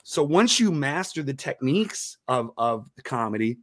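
A man telling stories in a casual interview as a comedian guest, animated, laughing often and restarting his words. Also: mid-range voice, moderate pace.

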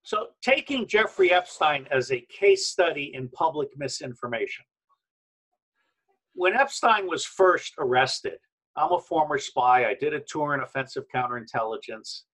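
A man's voice: on the high side, animated, normal speed, fairly bright tone, poor audio. A man speaking as a guest in a remote interview, emphatic and combative, rambling from point to point over a video call that breaks up into robotic audio.

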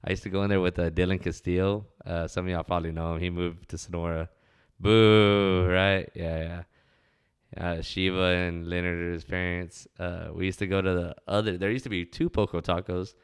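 A man's voice: low-pitched, little pitch movement, a little fast, smooth. A young man telling laid-back, profane stories from his hometown. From West Texas. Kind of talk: casual storytelling monologue.

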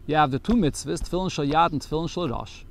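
Man teaching a text lesson, somewhat high. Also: fast talker, creaky, slight background noise. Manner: reads Yiddish text aloud, then explains it in English. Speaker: Torah teacher.

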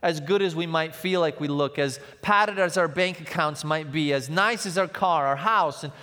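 A young man, a pastor, preaching a sermon with personal stories, animated and shifting between loud passages and hushed, tender ones. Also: fairly high pitch, moderate pace, big-room sound.

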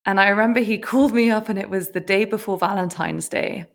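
A woman hosting a podcast, telling a personal story in casual conversation, animated and often laughing as she acts out what people said. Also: mid-range voice, fast talker, gravelly. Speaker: podcast host.

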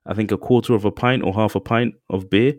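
A man's voice: lowish voice, brisk, no room sound, clean studio sound. A young man, co-hosting a casual podcast chat and acting out people he talks about. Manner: animated storyteller who acts out people with voices. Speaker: podcast co-host.

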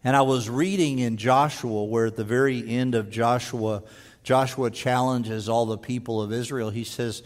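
A man preaching a sermon in earnest, stumbling over restarts and dropping to a slow, quiet voice for emphasis. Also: mid-range voice, steady tone. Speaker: pastor. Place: church sanctuary. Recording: long hall reverb.

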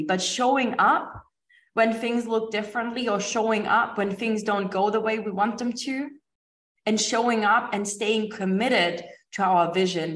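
A woman's voice: medium pitch, recorded from a distance. A woman hosting a motivational business podcast, speaking emphatically and driving home the same rousing questions again and again. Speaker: podcast host and business coach. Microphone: recorded over a video call. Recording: roomy echo with faint music.

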